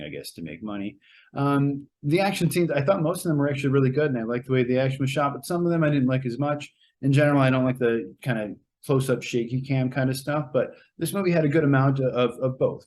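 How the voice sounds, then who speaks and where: A man's voice: mid-range voice, a little mellow. A man giving a casual, rambling spoken movie review, with many fillers and restarts. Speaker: movie reviewer, show co-host.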